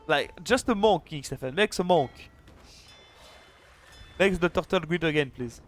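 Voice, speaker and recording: A man casting a live strategy game match, chatty and excitable, with quick restarts. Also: a little high, soft background music. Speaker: esports caster and streamer. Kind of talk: live video game commentary.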